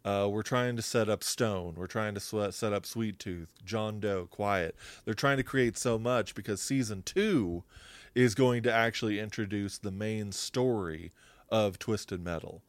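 Low, smooth-voiced man explaining in a casual chat. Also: measured pace, dry recording. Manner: explains at length, with fillers and self-corrections. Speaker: podcast co-host.

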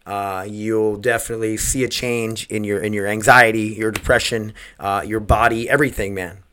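A man's voice: on the low side, fairly even intonation, moderate pace, bright, forceful tone, slight background noise. A man hosting his own podcast, talking casually in a rambling, profane way, earnest and upbeat, and peppering his speech with "man" and "dude". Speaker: podcast host. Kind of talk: casual solo podcast talk.

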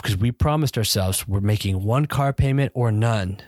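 A man co-hosting a casual podcast with his wife, telling stories in a playful, animated way. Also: lowish voice, measured pace, hardly any pauses, no room sound, clean studio sound. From Central Florida. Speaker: podcast co-host. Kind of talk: casual chat.

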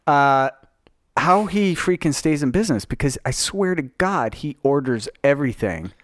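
A man's voice: medium pitch, sing-song, normal speed, fairly bright tone, no echo, clean studio sound. A man co-hosting a podcast in casual, joking chat, swearing freely. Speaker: podcast co-host.

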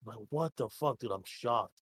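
A man's voice: mid-range voice, expressive, moderate pace, fairly bright tone, breathy edge, dry recording. Casual young man, dry close sound. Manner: rambling, swears freely, acts out both sides of dialogue. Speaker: podcast co-host. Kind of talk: casual podcast chat.

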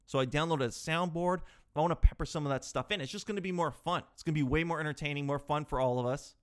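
He's a thirty-year-old solo podcast host whose fairly high voice has a clean tone and a fast delivery. Into his podcast microphone he rambles and makes fun of himself, getting more and more exasperated.

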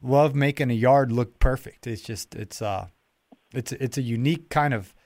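A man's voice: mid-range voice, moderate pace, darkish tone, dry recording. Chatty man hosting a podcast. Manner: rambling, chatty, with many restarts and fillers. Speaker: podcast host. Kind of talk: casual interview chat.

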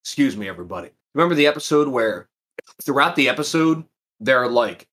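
A man in casual chat who retells scenes in an animated way and swears freely. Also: medium pitch, a little fast. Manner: animated storyteller, profane.

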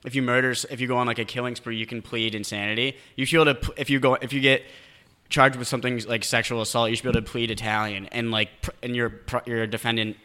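A young man in his twenties co-hosting a podcast, joking in a quick, rambling way with many restarts. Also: mid-range voice, little pitch movement, pushed and bright, clean tone. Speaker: podcast co-host. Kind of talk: casual chat.

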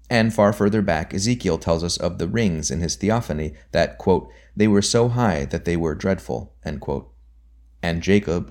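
Man narrating an audiobook, very low voice, measured and deliberate. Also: a little mellow.

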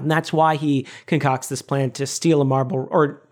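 An animated male podcast co-host in casual conversation. He laughs a lot and breaks into loud, playful shouting when he quotes characters. His pitch swings widely while he talks. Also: moderate pace, hardly any pauses. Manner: animated, laughs often, acts out shouted lines. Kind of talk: casual chat.

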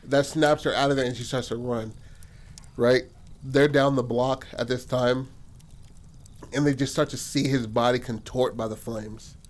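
A man's voice: medium pitch, steady tone, measured pace. Man telling a profane, rambling story. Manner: profane, rambling, says "like" and "and shit" a lot. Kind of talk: casual spoken storytelling.

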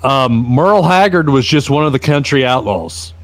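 A man co-hosting a casual talk show, animated and halting as he talks. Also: mid-range voice, no room sound. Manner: animated, halting, restarts a lot. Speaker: co-host. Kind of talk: casual chat.

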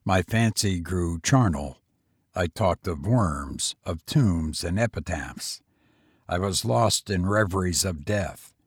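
A man narrating a gothic tale as a dramatic reading, with a solemn, measured delivery. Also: low voice, a little mellow, slightly rough, no echo, clean studio sound.

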